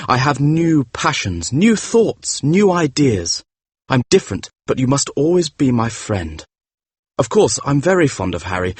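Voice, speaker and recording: Brief: male actor as a proud, cold young man, husky, pitch leaping on outbursts, dry close sound. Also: no echo. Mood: pleading. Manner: defiant, emphatic outbursts. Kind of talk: audiobook drama reading.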